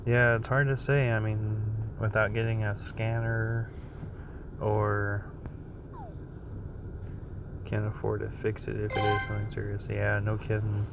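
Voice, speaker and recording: A tired man streaming from his phone while sitting in his parked car, chatting casually in a slow, rambling way. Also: lowish voice, monotone, gravelly, background noise. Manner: slow, sleepy and rambling, yawning between thoughts. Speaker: streamer playing a mobile game. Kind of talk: casual live-stream chat.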